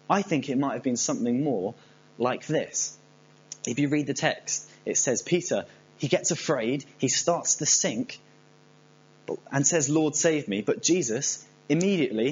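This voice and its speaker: Brief: male pastor, conversational sermon, playful asides; muffled recording, faint hum. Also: medium pitch. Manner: conversational, humorous storytelling. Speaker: preacher.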